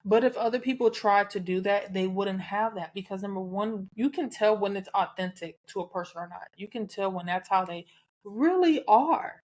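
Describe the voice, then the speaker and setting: A woman with a Southern accent talks straight to her listeners on her own podcast. She is candid and chatty, drops the odd curse word and laughs easily. Her voice sits in a middle pitch. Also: moderate pace. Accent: Southern American. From American South. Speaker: podcast host. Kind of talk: casual solo podcast talk.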